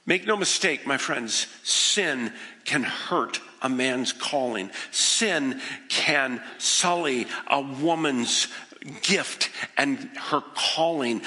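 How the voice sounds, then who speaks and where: A man preaching a sermon as pastor, dramatic and humorous, acting out voices and swinging from loud to hushed, in a church. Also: mid-range voice, animated, extremely slow. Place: church sanctuary. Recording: reverberant church hall.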